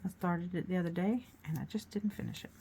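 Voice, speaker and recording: A woman with a slightly low voice talks her way through a relaxed painting demonstration. She chats and thinks aloud, coaxing viewers to try it themselves. A faint hiss sits under her voice. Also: fast talker, creaky. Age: adult, grown child of a mother who paints. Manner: chatty, encouraging, thinking aloud while working. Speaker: art tutorial host.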